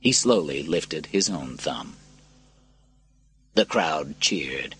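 A man narrating a scripted story in a dramatic, expressive reading style with a husky voice. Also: rumbling low, very slow, soft background music.

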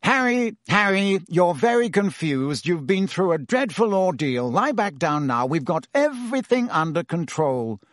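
A man's voice: high voice, big pitch swings, unhurried, hardly any pauses, a bit bright, dry recording, clean studio sound, pitched above the performer's own voice, heavily acted. A man reading aloud and voicing an anxious, placating middle-aged male official. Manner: fussy, soothing, flustered.

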